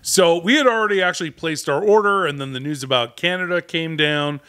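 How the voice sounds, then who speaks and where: A man's voice: fairly high pitch, a little fast, sharp tone. A man co-hosting a collectors' show, chatting casually and talking through his guesses at length. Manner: chatty, explains and speculates at length. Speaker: co-host of a collector channel. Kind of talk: casual chat.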